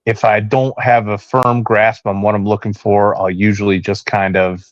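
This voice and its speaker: A man's voice: fairly low pitch, level tone, moderate pace, no echo, muffled recording. A married man co-hosting a casual podcast, rambling and joking about himself, with lots of restarts. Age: adult, married. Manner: rambling, self-deprecating, many restarts. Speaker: podcast co-host. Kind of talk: casual chat.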